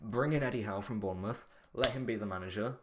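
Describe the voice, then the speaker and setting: Podcast host, man, casual chat, animated rambling delivery. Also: lowish voice, fast talker, very noisy. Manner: animated, rambling, mock-outraged jokes.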